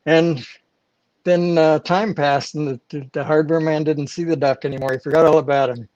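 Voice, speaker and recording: Male livestream host, relaxed rambling storyteller, slightly high voice, dull dry mic. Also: moderate pace, dry recording. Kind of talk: casual livestream chat and joke telling.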